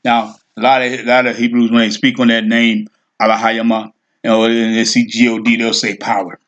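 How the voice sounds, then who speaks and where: Male teacher, mid-pitched, informal and unscripted; narrates his screen as he goes. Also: completely flat delivery, fairly quick, fairly bright tone, lo-fi sound. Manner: thinks aloud, fills with okay and all right. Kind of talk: screen-share lesson.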